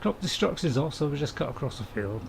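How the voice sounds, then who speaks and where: A man's voice: fairly high pitch, animated, fast, creaky, slight background noise, low-quality recording. A middle-aged man, chatting casually and joking while streaming a farming game and answering his viewers' chat. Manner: chatty, jokey, chuckling, reading chat aloud. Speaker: gameplay streamer. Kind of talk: casual live-stream commentary.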